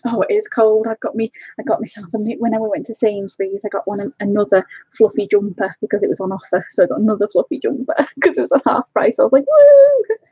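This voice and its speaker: A chatty woman talks casually to her live-stream viewers from home, laughing often and greeting them by name. Her voice is husky and breathy, close and dry, with no room around it. The webcam audio sounds a little dull and lo-fi. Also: medium pitch, fairly even intonation, fast, no room sound. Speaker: colouring channel host. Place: home, indoors.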